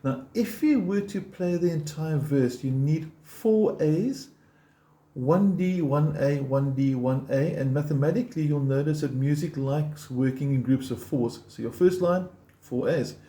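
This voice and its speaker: In an unhurried, slightly high voice, a man gives a guitar lesson, patiently explaining picking in steps and encouraging the student. He counts the beats out loud over loud guitar in a roomy-sounding space.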